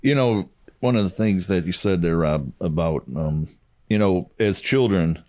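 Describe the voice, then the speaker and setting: Middle-aged guy telling his story on a podcast, low mellow voice, acts out the back and forth. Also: unhurried. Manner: storytelling, acts out quoted dialogue. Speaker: podcast co-host. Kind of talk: casual chat, personal testimony.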